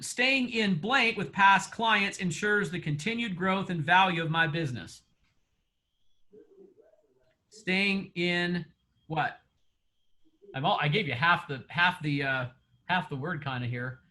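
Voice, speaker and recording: High bright-voiced male coach, chatty, laughs a lot, quizzes the class. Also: a little slow, pauses often. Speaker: real estate coach. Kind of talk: online coaching session.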